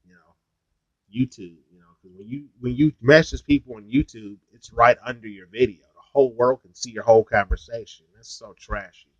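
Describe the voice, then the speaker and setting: A man's voice: mid-range voice, moderate pace, no echo, close to an everyday voice. A man quoting a pushy young woman stalker who puts on a fake-sweet, chatty, casual manner. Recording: dull lo-fi sound, dry.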